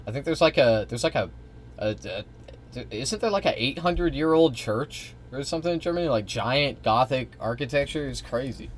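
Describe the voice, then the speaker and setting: A man's voice: medium pitch, lively intonation, normal speed, slight background noise. A young man streaming, reacting to a clip in casual, rambling talk full of fillers and swearing. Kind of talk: live stream reaction commentary.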